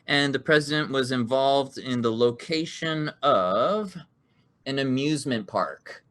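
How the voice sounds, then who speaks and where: Man as game show host, upbeat, mid pitch, laughs a lot while explaining rules. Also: lively intonation, a little slow, a bit bright. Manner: upbeat, laughing often, reading rules aloud. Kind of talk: hosting an online improv card game.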